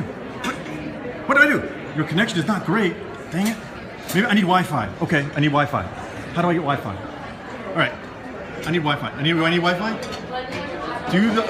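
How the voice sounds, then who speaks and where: A man's voice: a little high, brisk, pauses often. A man on a phone livestream, rambling and unsure of himself as he walks around a conference. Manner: flustered, rambling, self-narrating. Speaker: livestreaming attendee. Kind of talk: casual live-stream chatter. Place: busy conference hall with people chatting. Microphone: phone held in hand. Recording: loud crowd chatter behind.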